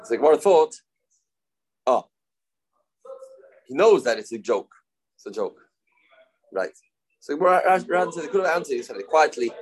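A man's voice: on the high side, expressive, slightly rough, low-quality recording. A man teaching a Talmud study class, explaining in English with Hebrew and Aramaic terms and acting out the speakers he quotes. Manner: halting, self-correcting delivery.

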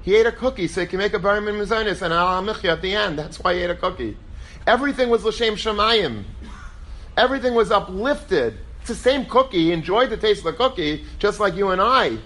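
A man teaching a Torah class as a rabbi, telling stories in a lively way and acting out quoted voices. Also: sits high, a little fast. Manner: animated, acts out quoted voices; lively storytelling, peppered with Hebrew and Yiddish terms.

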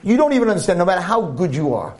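A man's voice: high voice, big pitch swings, very fast, a little mellow. A man giving a storytelling holiday sermon, humorous and preachy by turns. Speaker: speaker at a holiday talk.

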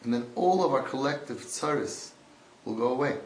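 A man teaching a sermon-style class, swinging from hushed to loud and mixing in Yiddish and Hebrew terms. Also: mid-range voice, lively intonation, moderate pace. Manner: swings between hushed and shouting, acts out voices. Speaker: rabbi giving a Torah class. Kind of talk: impassioned sermon. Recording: echoey room.

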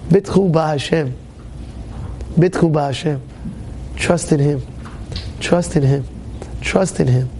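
Gravelly rabbi with a high voice, shouting at times. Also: male voice, takes it slowly, pauses often, slight background noise. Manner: bursts into shouting for emphasis, repeats phrases. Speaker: rabbi giving a Torah class. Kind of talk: spirited storytelling sermon. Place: classroom with students.

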